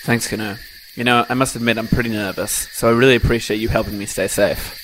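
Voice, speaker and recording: A man's voice: on the low side, steady tone, quick pace, a little hiss or hum, lightly acted, low-quality recording. A man playing an earnest, lovesick radio host. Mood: tense. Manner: earnest, dramatic. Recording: music playing under the voice.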